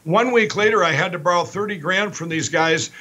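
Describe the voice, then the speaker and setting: A middle-aged man from Minnesota, a company founder telling his story as a guest, in a rapid, rambling, animated style with many restarts. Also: high voice, highs cut off.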